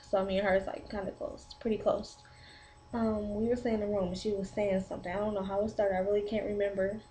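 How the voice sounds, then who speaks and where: A pregnant teenage girl tells a rambling story to her camera, leaning on "like" over and over. Her voice is mellow and a little dark, never sharp. A faint hiss of room noise sits underneath. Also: mid-range voice, fast, low-quality recording. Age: 17 to 19, teen. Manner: rambling, animated retelling with many "like" fillers. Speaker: vlogger. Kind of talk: casual storytelling vlog.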